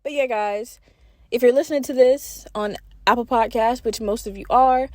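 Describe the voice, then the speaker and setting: A woman's voice: a little high, no room sound, studio quality. Blunt, rambling young woman podcast host. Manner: rambling, blunt, swears freely, chatty filler-heavy; animated, with bursts of fast talk. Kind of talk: solo casual podcast rant.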